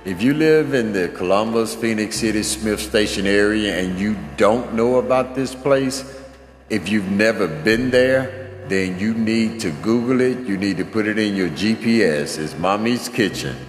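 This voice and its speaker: A man's voice: on the low side, unhurried, a little hiss or hum. A man, hosting a casual spoken update in an earnest way, with many fillers. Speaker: host. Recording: echoey room with long reverb.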